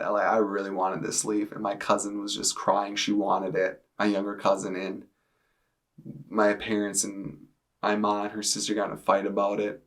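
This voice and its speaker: A man in his twenties giving a personal testimony to camera, in a casual, halting way with many fillers. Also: lowish voice. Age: 20s. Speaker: testimony speaker. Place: indoors, speaking to a camera.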